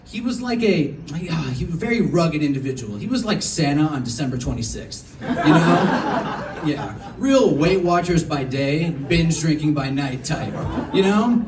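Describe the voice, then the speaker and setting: Animated young man doing stand-up. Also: on the high side, a little slow, background noise. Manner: animated, laughing at his own story. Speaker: stand-up comedian. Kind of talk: stand-up storytelling. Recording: roomy echo, mic at a distance.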